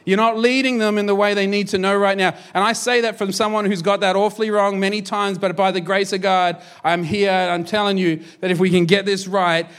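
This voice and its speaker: A man in his thirties, a pastor, preaching a sermon in an energetic, jokey, conversational way. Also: high voice, a little fast, few pauses, smooth.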